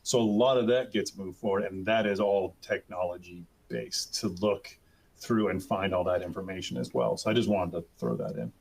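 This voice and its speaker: A man's voice: low-pitched, animated, normal speed, gravelly, darkish tone, slightly rough. A man speaking as a panelist in a discussion, talking informally with lots of fillers. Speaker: healthcare revenue leader, panelist.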